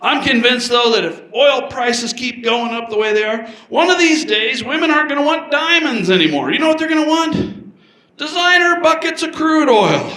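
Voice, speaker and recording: A man's voice: very high-pitched, sharp tone, echoey room, rough recording. A man doing a stand-up comedy routine, telling stories with punchy delivery and switching his voice for characters. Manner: storytelling with punchy delivery and quick voice changes for characters.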